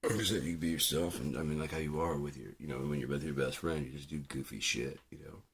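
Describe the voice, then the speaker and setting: A man's voice: rumbling low, fast, slight background noise. A man talking casually while streaming, rambling and swearing with many fillers. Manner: rambling, profane, lots of fillers. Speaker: music producer streaming. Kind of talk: casual chat.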